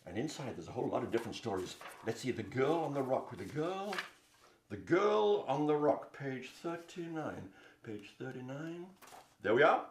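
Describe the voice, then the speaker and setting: A man's voice: mid-range voice, moderate pace, reverberant, a little hiss or hum. A man telling a story to children, inviting them to join in with sounds and moves. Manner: animated, invites the audience to join in.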